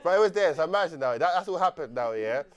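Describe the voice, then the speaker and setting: A young man telling a rambling, animated story on a podcast, laughing often and restarting his sentences. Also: a little high, fast talker, clear, resonant tone. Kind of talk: casual storytelling chat.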